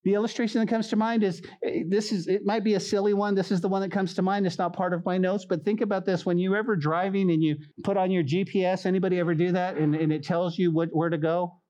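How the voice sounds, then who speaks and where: A man preaching a sermon to his church, animated, repeating phrases and calling out to the congregation. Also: high-pitched, quick pace, hardly any pauses. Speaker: pastor.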